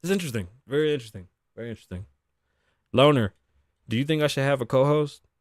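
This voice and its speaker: A podcast host in his thirties chats casually from his home studio desk, rambling, swearing, and laughing often. He talks fast at a medium pitch, and the sound is clean studio quality with no room sound.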